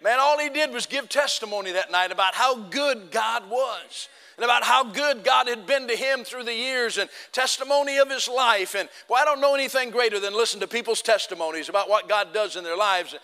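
A man preaching, telling a story with lively quoted voices and loud outbursts. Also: very high-pitched, a little fast, few pauses, long reverb tail. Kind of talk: sermon storytelling.

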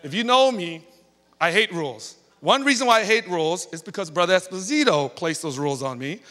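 A man's voice: high voice, lively intonation, brisk, pushed and bright. A man preaching a sermon in a church, telling stories in a chatty way and tagging lines with okay and all right. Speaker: pastor. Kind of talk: storytelling sermon. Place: church sanctuary. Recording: reverberant church hall.

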